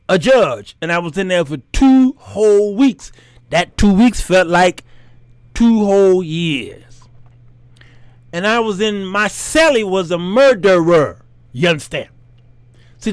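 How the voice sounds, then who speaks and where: A man hosts his own show and tells a jail story in a lively monologue. His voice sits high and swings widely, and his pitch jumps sharply when he acts surprised. The sound is dry and close. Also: dry recording. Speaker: host.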